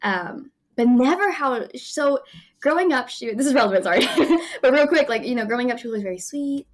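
A woman's voice: high-pitched, expressive, a little fast. Chatty young woman telling stories. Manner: chatty storytelling with frequent laughs and fillers. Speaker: actress guest. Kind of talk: casual interview chat.

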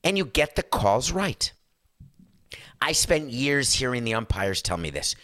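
A middle-aged man with a hoarse voice, ranting emphatically and sarcastically as a sports talk show host. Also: medium pitch, very animated, a little slow, sharp tone, dry recording, studio quality. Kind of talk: impassioned talk-show rant.

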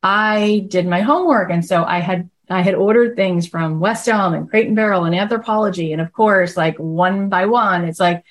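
A woman's voice: medium pitch, normal speed, few pauses. Chatty woman telling a story. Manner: chatty, animated, quotes dialogue, says "like" a lot. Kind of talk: casual storytelling monologue.

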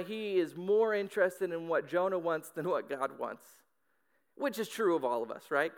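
A man preaching a sermon in an animated, conversational way, acting out little voices for comic effect. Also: high voice. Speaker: pastor.

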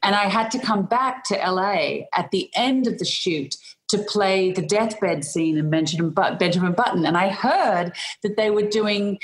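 A woman with an Australian accent, a guest in an interview, telling animated stories and laughing often. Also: medium pitch, normal speed. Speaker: guest actor. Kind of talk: animated anecdotal storytelling.

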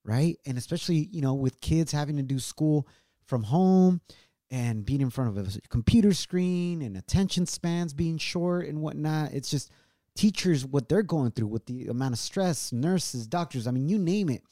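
A man's voice: a little high, lively intonation, normal speed, dark tone, no room sound. Earnest guy in his 30s chatting from a home studio, dry sound. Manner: earnest, mixes in Spanish words. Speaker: co-host. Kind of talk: casual heartfelt chat.

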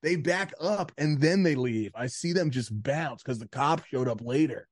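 A man's voice: on the high side, expressive, moderate pace, dry recording, studio quality. A man co-hosting a podcast, telling a story in casual chat, rambling and swearing with lots of "like". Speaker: podcast co-host.

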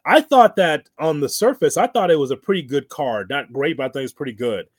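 A man co-hosting a casual wrestling podcast, talking in an animated way and acting out quotes with laughter. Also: a little high, a little fast, no echo, studio quality. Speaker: podcast co-host.

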